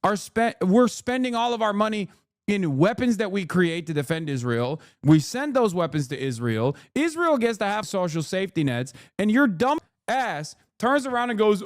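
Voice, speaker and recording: A man's voice: high voice, dry recording, studio quality. Sarcastic man ranting. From United States. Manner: profane, sarcastic, fast-building rants. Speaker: host reacting to clips. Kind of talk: ranting commentary.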